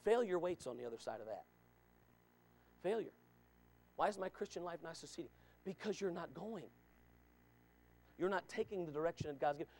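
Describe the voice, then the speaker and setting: Pastor, male, high-pitched; fervent preaching style that repeats and addresses listeners. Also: a little mellow. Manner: emphatic, repeats lines, calls out listeners by name. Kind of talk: sermon.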